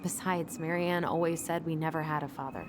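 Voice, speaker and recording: An actress voicing a guarded, reluctant young woman in a video game, speaking flatly. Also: low-pitched, fairly quick, close to an everyday voice. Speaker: game character. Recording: game audio with clear background noise.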